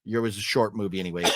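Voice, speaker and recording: A man hosting a casual movie review, talking in an animated, profane way and acting out scenes in mocking voices. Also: lowish voice, no room sound, clean studio sound. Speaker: film reviewer, podcast host.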